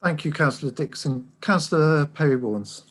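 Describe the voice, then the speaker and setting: A man chairing a formal committee meeting over a video call, polite and brisk. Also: a little high, lively intonation.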